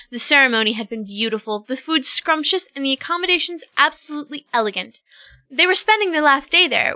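A woman narrating an audio drama in a smooth storytelling manner. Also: high-pitched, bright, forceful tone, no echo.

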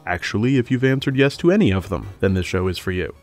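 Low-voiced man announcing over guitar. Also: expressive, fast, a little mellow. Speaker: radio comedy show host. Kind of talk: scripted show introduction.

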